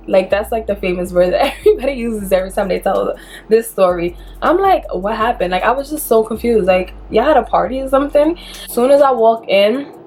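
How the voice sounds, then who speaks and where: Young woman, chatty and animated storyteller, casual vlog delivery. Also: medium pitch. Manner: animated, chatty, filler-heavy with lots of "like". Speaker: vlogger telling a personal story.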